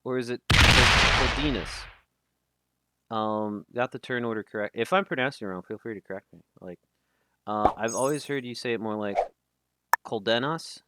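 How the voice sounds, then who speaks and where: Fast-talking, with a fairly low, clear, resonant voice, a man casts a live game tournament in a loose, chatty style. Names often trip him up, and the recording carries loud background noise.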